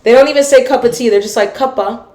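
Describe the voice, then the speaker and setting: A woman's voice: fairly high pitch, racing, darkish tone. Chatty American woman in an echoey room. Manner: talks over others, repeats words while finding them. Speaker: podcast co-host. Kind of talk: casual chat.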